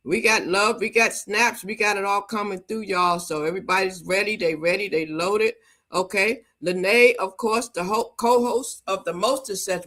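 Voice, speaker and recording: Upbeat woman host with a bright voice. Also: mid-range voice, normal speed. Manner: energetic, hyping the audience. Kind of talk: livestream talk show hosting.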